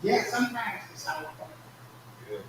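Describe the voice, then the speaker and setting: A man preaching a sermon in a church, calling out to the congregation and swinging from soft murmurs to loud shouts. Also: very high-pitched, big pitch swings, moderate pace, noisy background. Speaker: pastor. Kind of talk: call-and-response sermon. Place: church sanctuary. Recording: echoey distant church livestream recording.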